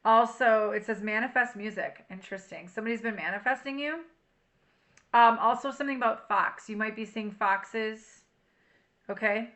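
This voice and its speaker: Bright-voiced emotional woman tarot reader. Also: on the high side, normal speed. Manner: emotional, chatty, sings and reads lyrics aloud. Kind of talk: casual tarot reading to camera.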